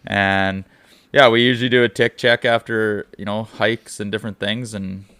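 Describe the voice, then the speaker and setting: A man on a hunting podcast, telling stories in a loose, profane, animated way. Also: on the low side, normal speed, clear, resonant tone, no room sound. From British Columbia, Canada. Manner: profane, animated, swears constantly. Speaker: podcast host. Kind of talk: casual chat, storytelling.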